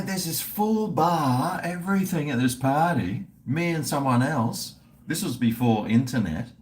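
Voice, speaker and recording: A man's voice: mid-range voice, a little mellow. A middle-aged man with an Australian accent, chatting casually and profanely with livestream viewers while drinking. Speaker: livestream host.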